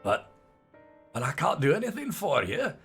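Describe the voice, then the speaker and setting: A man's voice: on the high side, wildly swooping pitch, normal speed, fairly bright tone, breathy edge, faint music behind, exaggerated voice. A man voicing a flustered character who stammers in rising panic over something lost.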